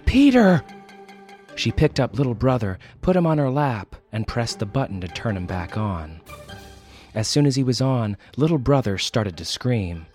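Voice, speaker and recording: A man hosting a podcast and reading a story aloud with expressive, wry delivery. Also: medium pitch, normal speed, soft background music. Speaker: podcast host and narrator. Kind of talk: storybook narration.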